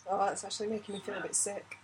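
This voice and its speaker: A woman's voice: mid-range voice, fairly even intonation, rapid-fire, slight background noise, rough recording. A woman joking casually through a film commentary in a giggly, teasing way. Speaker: commentary co-host.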